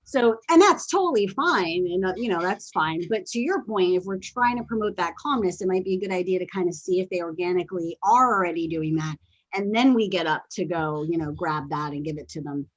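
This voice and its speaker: A woman hosting a podcast, telling stories in a chatty, animated way with quick asides. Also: fairly low pitch, muffled recording. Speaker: podcast host and dog trainer. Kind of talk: casual podcast conversation.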